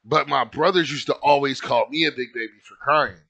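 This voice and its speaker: A man's voice: mid-range voice, brisk, gravelly, sharp tone. A young man telling a personal story in a casual, rambling way, full of fillers and swearing. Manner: rambling, lots of filler likes, swears freely.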